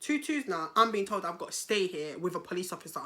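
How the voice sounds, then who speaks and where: A young woman with a London accent tells a storytime vlog in an animated, slang-heavy way and speaks to her viewers as guys. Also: on the low side, quick pace. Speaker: vlogger.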